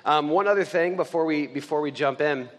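A man preaching a casual, conversational sermon in a church, earnest and halting, with many fillers and restarts. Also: a little high, fairly bright tone. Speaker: pastor and church elder. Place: church sanctuary. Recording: long hall reverb.

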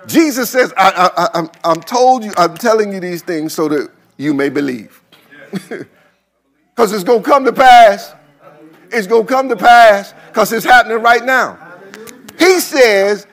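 A male pastor preaching a sermon, repeating phrases and building into chanted, shouted lines. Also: high-pitched, expressive, measured pace.

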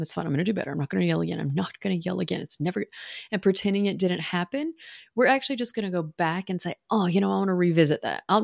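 A woman in her thirties talks through parenting advice in a loose, conversational way, often slipping into quoted voices to act out moments. Her voice sits low with a gravelly fry, recorded close and dry with no room around it. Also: a little mellow, no echo. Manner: conversational, self-correcting, acts out quoted lines. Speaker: parenting podcast host. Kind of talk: casual advice talk.

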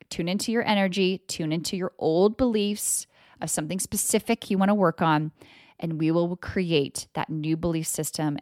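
Speaking on the low side, a woman hosts a motivational podcast as an energy coach, casual and emphatic, with plenty of swearing and swings into loud mock voices. The studio sound is clean, with no room sound.

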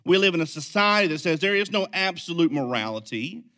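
A man preaching a sermon as pastor, swinging from quiet, intense lines to loud, energetic ones. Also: a little high, brisk.

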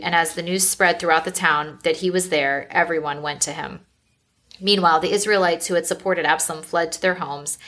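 A woman giving a steady, measured reading of scripture. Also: lowish voice. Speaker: Bible reader.

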